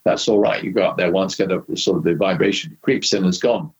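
Older Englishman, husky low voice. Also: quick pace, poor audio. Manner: rambling, frequent restarts and asides. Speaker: interview guest, former racing driver. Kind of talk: anecdotal storytelling in conversation.

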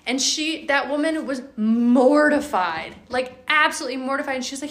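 A young woman hosting a podcast, telling a story in a chatty, animated way with lots of fillers. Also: high-pitched, fairly quick, hardly any pauses, reverberant. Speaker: podcast host. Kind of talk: casual storytelling.

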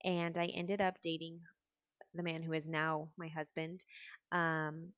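A woman's voice: low-pitched, flat delivery, measured pace, a bit bright, smooth, no room sound. A woman in her twenties telling her personal story in a candid, earnest way, with casual fillers.

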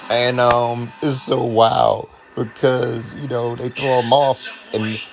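A man giving an excited, emotional reaction commentary while watching a film. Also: medium pitch, slow pace, gravelly, soft background music. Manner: emotional, exclaiming, laughing often. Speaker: reaction video host.

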